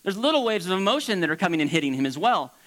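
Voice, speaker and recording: Animated preaching man, bright voice. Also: high-pitched, very fast, poor audio. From Florida. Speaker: pastor. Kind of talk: sermon.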